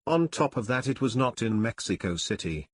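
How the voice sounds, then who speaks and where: Male audiobook narrator, unhurried nostalgic storyteller, dry booth sound. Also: medium pitch, sing-song, no room sound. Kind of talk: storytelling narration, first person memoir.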